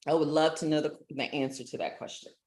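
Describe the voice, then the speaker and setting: A woman's voice: sits low, level tone, quick pace, a little mellow, reverberant. A woman hosting a casual live stream from a relative's house, chatty, laughing and easily sidetracked. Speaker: livestream host.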